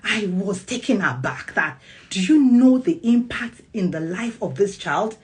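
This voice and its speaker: A woman and child psychologist talking casually to camera about parenting, animated and laughing often as she acts out little scenes. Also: medium pitch, unhurried. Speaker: parenting vlogger.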